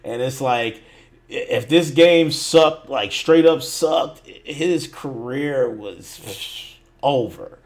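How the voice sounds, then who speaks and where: A man hosting a gaming podcast, talking loosely with swearing and drawn-out phrases. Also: mid-range voice. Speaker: podcast host. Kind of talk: casual chat.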